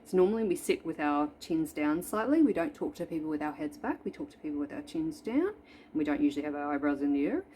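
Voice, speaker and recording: A woman in her forties talks through a makeup tutorial on camera, seated at home. Her pitch sits a little low but swings around a lot, playful and self-mocking, with a faint hum of room ambience behind her. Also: fast. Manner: animated, playful and self-deprecating. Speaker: makeup vlogger. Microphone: camera in front of her.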